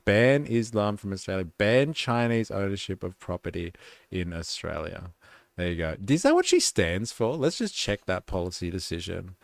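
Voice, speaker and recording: A man's voice: fairly low pitch, creaky, no echo. A man hosting a live stream, reading comments and policies aloud with sarcastic, muttered asides.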